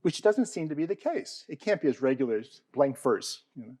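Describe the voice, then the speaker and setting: A man lecturing an audience on poetry, his pitch rising and falling with animation. His tone is warm and mellow, and the sound is dry and close. He keeps checking in with "okay?" and "all right?" and asks the room questions. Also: very animated, a little fast, dry recording, rough recording. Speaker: panel speaker on poetry.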